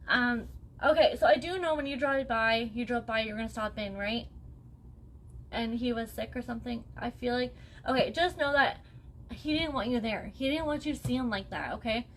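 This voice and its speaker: A woman's voice: on the high side, normal speed. Chatty, reassuring woman doing a live reading. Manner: chatty, reassuring, often checks in with "okay?". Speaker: psychic medium. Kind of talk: live-stream spirit reading.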